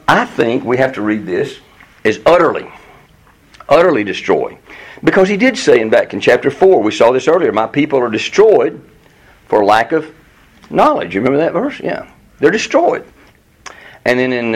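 On a rough recording, a man with a slightly rough voice teaches a class through a Bible book verse by verse. He reads passages aloud and explains them, earnest and emphatic, his pitch rising on quoted pleas.

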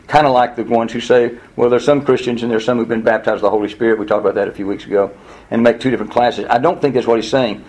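A man's voice: mid-range voice, darkish tone, breathy edge, rough recording. Man teaching a conversational Bible study. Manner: conversational, reads verses and explains them.

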